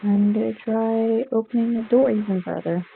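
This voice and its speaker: A woman's voice: a little high, moderate pace, gravelly, phone-quality sound, slight background noise. A woman playing a tabletop game, stating her character's actions briefly and plainly. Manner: brief, matter-of-fact declarations of actions. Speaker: player.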